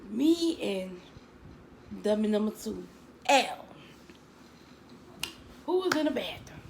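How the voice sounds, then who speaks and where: A woman's voice: medium pitch, very animated, slow, vocal fry, slight background noise, rough recording. A woman telling a story from her school days to her viewers in a chatty, dramatic way, calling them girl and baby. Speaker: storytime vlogger.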